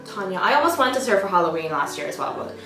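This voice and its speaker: A woman's voice: mid-range voice, sing-song, quick pace, echoey room, recorded from a distance, over music. A young woman talking casually to camera as a vlogger, emotional and self-mocking, with frequent swearing. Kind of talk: casual vlog chat.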